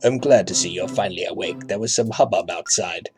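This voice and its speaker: A man doing a low, wry old man. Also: fairly quick, a little mellow, soft background music, lightly acted. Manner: wry, mock-stern. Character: wry old man, sharp-eyed, teasing.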